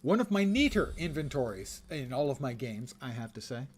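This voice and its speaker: A man's voice: medium pitch, sing-song, moderate pace, slightly rough. Older male streamer with a mid-range voice, wry chatty commentary over faint game music. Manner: chatty, wry, muttering asides to chat. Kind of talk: casual gameplay commentary.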